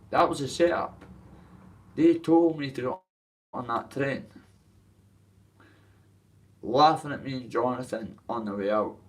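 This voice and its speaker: A man's voice: medium pitch, recorded from a distance. Swearing Dundee man, off the mic. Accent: Dundee Scottish. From Dundee, Scotland. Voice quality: coarse, heavy swearing, rambling. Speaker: boxer telling his story. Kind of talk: casual rant to camera.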